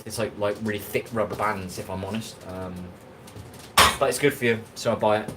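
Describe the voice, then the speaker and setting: A man's voice: on the low side, fairly even intonation, brisk, noisy background. An English man hosting a casual livestream while he cooks, rambling and talking back to chat comments. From England. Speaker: livestream host.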